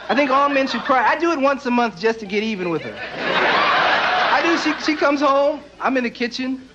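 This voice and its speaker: A young man doing stand-up comedy with wry, deadpan asides, acting out the people he talks about. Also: very high-pitched, fast talker. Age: young adult. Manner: wry, deadpan asides, acts out quoted characters. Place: stage before a live audience. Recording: dull lo-fi TV broadcast, loud crowd and noise.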